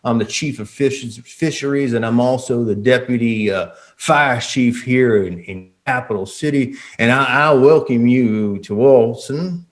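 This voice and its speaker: A man's voice: medium pitch, a little slow, few pauses, lightly acted. A man voicing a folksy, self-important male minister who drawls and calls the players "you boys.". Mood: welcoming.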